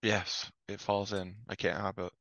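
A man's voice: low-pitched, level tone, a little slow, gravelly, a bit bright, no echo, highs cut off. A man appearing as a guest on a casual podcast, laid-back and dry-witted. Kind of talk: casual chat.

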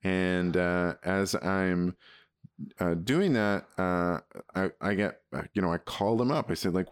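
Deep-voiced podcast guy rambling about stuff, dry close sound. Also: fairly even intonation, measured pace, smooth, no echo. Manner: rambling storyteller, mock-grumbling. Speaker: podcast co-host. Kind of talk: casual chat.

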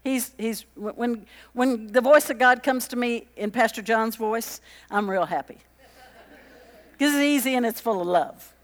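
A woman preaching a lively, conversational sermon, chatty and joking with the congregation as she acts out little quotes. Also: sits high, in a large hall.

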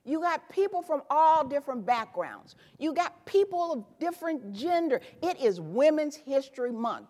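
High-voiced woman speaker in an echoing hall. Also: normal speed, few pauses, slight background noise. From Tennessee, USA. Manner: animated, emphatic, punchy repeated phrases. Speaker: keynote speaker. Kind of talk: motivational speech. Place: conference hall stage. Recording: echoey hall with long reverb.

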